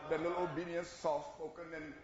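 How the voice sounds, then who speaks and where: Man preacher, higher voice, echoey lo-fi church recording, dramatic shifts from shouting to quiet asides. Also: little pitch movement, brisk, a crowd in the background. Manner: swings from shouting to low asides, laughs between lines. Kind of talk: sermon. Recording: echoey church room, dull lo-fi sound.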